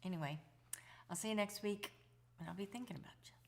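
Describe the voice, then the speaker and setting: A singer-songwriter woman chatting casually to her viewers on a home livestream, loose and quick with asides. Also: medium pitch, gravelly.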